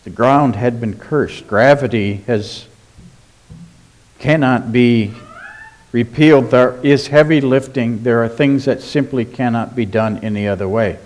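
With a darkish tone at medium pitch, a man delivers a sermon as pastor, forceful in emphasis, asking rhetorical questions and drawing out important words.

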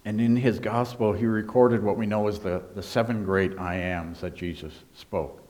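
A man preaching a sermon as pastor, emphatic, swinging between hushed and raised delivery. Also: lowish voice, steady tone, moderate pace.

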